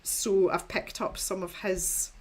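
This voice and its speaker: A woman's voice: mid-range voice, steady tone, slow, darkish tone. Chatty Scottish woman streamer. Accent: mild Scottish. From Scotland. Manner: chatty and rambling, laughs often, frequent restarts. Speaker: art livestream host. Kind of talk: casual chat, reading viewer comments aloud.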